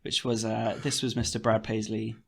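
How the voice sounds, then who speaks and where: A man co-hosting a podcast, chatting in a dry, measured way. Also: on the low side, little pitch movement, vocal fry. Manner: dry, measured, quoting lyrics. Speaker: podcast co-host. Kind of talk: casual chat.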